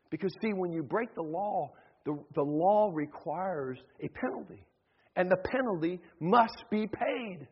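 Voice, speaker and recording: A husky, high-pitched pastor delivers a sermon, slipping into voices for the people in his stories. His words ring out through a large sanctuary with a long, lingering reverb. The recording itself sounds a bit dull. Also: animated, a little slow. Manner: acts out voices in stories, shifts between shouting and hushed tones. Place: church sanctuary.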